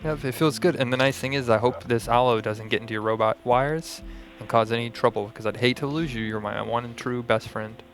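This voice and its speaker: A man's voice: medium pitch, a little fast, few pauses, soft background music. A man co-hosting a comedy call-in show, talking in a playful, mock-earnest way. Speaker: co-host. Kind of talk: comic improv call-in.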